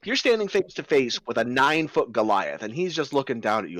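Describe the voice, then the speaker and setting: Animated man narrating a tabletop game. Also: mid-range voice, brisk, dry recording. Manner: lively, playful storytelling with sound effects. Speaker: game master.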